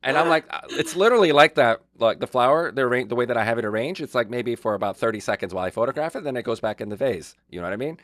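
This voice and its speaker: Lively-pitched man telling a story. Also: very fast, few pauses, no room sound, studio quality. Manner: animated storyteller with many restarts. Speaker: podcast co-host, wedding photographer. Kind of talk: casual chat.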